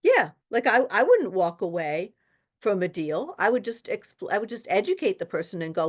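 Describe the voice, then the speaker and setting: A woman's voice: medium pitch, brisk. Woman tutor running an online real estate class, chatty, acts out little stories. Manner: chatty, animated storytelling with quoted dialogue. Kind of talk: webinar lesson with anecdotes.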